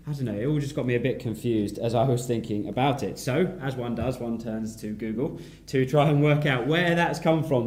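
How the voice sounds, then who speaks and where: Conversational preacher, mellow voice, echoey room. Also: male voice, medium pitch. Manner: conversational, wondering aloud, asks the room questions. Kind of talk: sermon.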